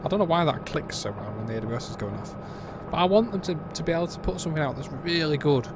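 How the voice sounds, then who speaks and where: A man's voice: a little high, expressive, fast, background noise. A British man giving a casual, blunt and exasperated game review, rambling with frequent restarts.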